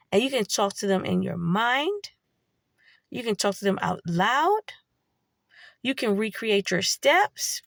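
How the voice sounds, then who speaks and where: A woman delivers a blunt, preachy spiritual monologue full of swearing. Her voice is gravelly and sits a little high. The recording is dry and close, with no room sound. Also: bright, forceful tone, no room sound. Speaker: spiritual vlogger.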